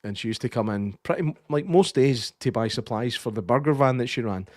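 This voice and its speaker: A young Scottish man co-hosting a podcast, chatting casually about a film, sweary and animated, often slipping into impressions. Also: mid-range voice, brisk, no room sound, clean studio sound. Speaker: podcast co-host. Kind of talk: casual film review chat.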